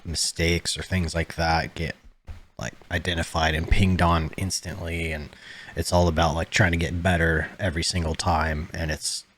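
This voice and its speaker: A young adult man co-hosting a podcast, talking in a calm, low-key way and swearing casually. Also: normal speed, slight background noise. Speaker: podcast co-host. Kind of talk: casual chat.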